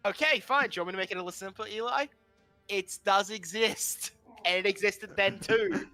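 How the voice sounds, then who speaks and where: High bright male voice, teasing, laughing, casual tabletop banter, faint music underneath. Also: fairly quick. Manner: joking, teasing, laughs often. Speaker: tabletop player.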